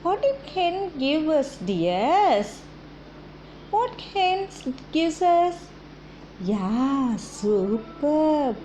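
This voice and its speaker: A woman teaching young children in a slow, coaxing, sing-song way, asking questions and copying animal sounds. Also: high voice, big pitch swings, mellow, a little hiss or hum. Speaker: kindergarten teacher.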